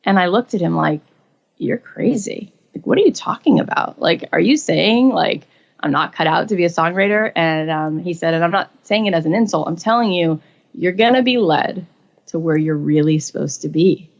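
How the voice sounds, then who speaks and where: A woman in her forties telling her own story in a casual interview, acting out quotes with lively jumps in pitch. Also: moderate pace, vocal fry, lo-fi sound. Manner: animated, acts out quotes with rising pitch. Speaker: guest.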